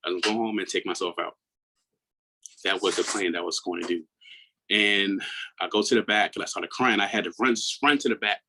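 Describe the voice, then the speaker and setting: A man's voice: low-pitched, steady tone, brisk, a little hiss or hum, low-quality recording. Earnest man in his thirties from Maryland. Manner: earnest, reflective, often drops to a hushed tone. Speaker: guest, mental health coach. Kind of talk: personal storytelling in an interview.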